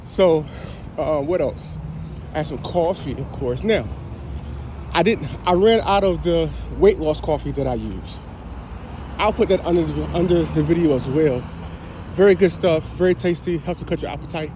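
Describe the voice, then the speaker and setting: Against a noisy background, a man whose voice is a little high talks at a moderate pace as he walks outdoors among trees. As a health and wellness vlogger, he gives his viewers a casual, upbeat pep talk.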